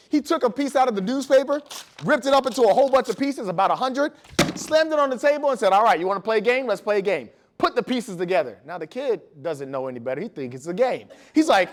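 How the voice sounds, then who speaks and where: A man with a high voice gives a motivational talk to school staff, speaking energetically before an audience in a large room. He tells stories and keeps asking the listeners questions.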